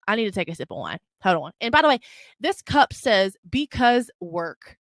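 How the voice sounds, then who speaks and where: A woman's voice: medium pitch, very animated, brisk, fairly bright tone, no echo. A young woman hosting her own podcast, rambling casually in a brash, profane, unfiltered way. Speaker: podcast host. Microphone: desk mic on a video stream.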